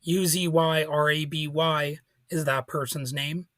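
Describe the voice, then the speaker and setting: A male podcast host talking through political news in a casual, halting way, with frequent restarts. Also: fairly high pitch, steady tone, no room sound. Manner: informal, halting, with restarts and soft laughs.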